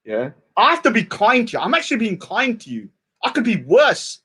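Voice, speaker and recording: Mocking high-voiced man. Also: wildly swooping pitch, fairly quick, sharp tone, slightly rough. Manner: mocking and insulting, mimics his target in a whiny voice. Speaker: street preacher and debater. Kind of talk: taunting rant addressed to a rival. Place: outdoors at a public speaking spot.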